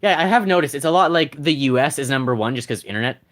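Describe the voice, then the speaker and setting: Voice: medium pitch, animated, fast, fairly bright tone. Streamer rambling at chat, voice jumps up and down a lot, keeps restarting sentences. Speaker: game streamer. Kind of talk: casual live-stream chat.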